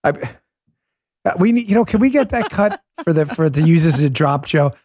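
Man hosting a talk show, excitable, acts out quotes, slightly high voice, dry studio sound. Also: moderate pace, no echo. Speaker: podcast host. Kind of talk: animated political talk show.

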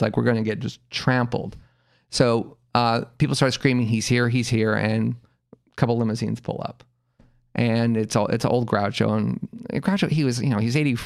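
A man casually telling a childhood anecdote, animated and quick to laugh, jumping into the voices of the people he quotes. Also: mid-range voice, creaky. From Los Angeles area. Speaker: podcast guest telling a story. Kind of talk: casual storytelling.

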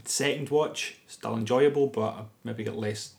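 A man's voice: medium pitch, steady tone, normal speed, vocal fry, a little mellow. A Scottish man co-hosting a casual podcast, rambling through crude anecdotes and laughing at himself. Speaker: podcast co-host. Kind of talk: casual banter.

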